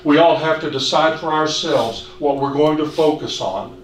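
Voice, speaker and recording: A man preaching a sermon in an earnest, measured way, asking the congregation questions. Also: on the high side. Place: church hall. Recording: echoey hall, distant mic, faint hiss.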